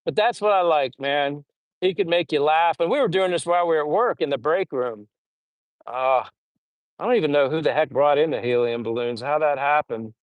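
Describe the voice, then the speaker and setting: A man's voice: on the high side, normal speed, no echo, phone-quality sound. A middle-aged man rambling through funny old stories while reading out live chat on a casual stream. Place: home in the Philippines.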